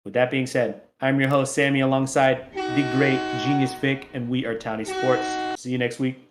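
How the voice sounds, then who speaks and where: A man's voice: medium pitch, level tone, moderate pace, over loud music. A male sports podcast host running through the show's promos and sign-off. He sounds upbeat and playful, with a casual, chatty delivery. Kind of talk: casual sports podcast chat and show outro.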